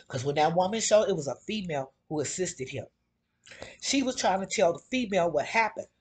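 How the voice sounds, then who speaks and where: A woman in casual commentary, retelling events in an animated, outraged way. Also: lowish voice, a little fast, slight background noise. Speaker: vlogger.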